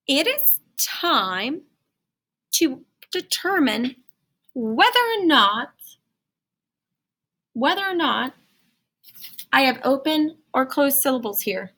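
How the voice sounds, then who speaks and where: A woman's voice: high-pitched, pushed and bright. A woman teaching a phonics lesson to children in a singsong, encouraging way. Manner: singsong, encouraging, talks to young learners.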